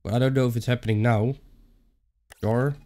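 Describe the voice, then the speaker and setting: A man's voice: medium pitch, steady tone, moderate pace, mellow. A young man with a Dutch accent giving playful, muttered commentary on a horror game playthrough, talking to himself and joking. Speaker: gaming YouTuber.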